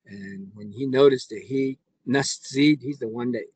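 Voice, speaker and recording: A man's voice: mid-range voice, unhurried, a little mellow, slightly rough, no room sound, low-quality recording. A middle-aged man from the Navajo Nation, a scoutmaster telling his story in a rambling way, with restarts and acted-out quotes. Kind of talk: casual storytelling.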